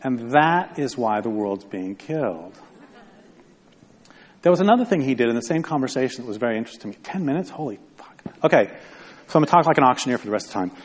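A man's voice: mid-range voice, expressive, fast talker. A man giving a conversational public talk to an audience, rambling and wry, often interrupting himself. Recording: long hall reverb.

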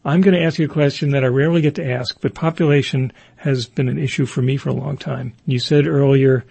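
Gravelly male interviewer, dry sound. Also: mid-range voice, steady tone, fairly quick, warm tone, no echo. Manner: probing, direct questions. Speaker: interview host.

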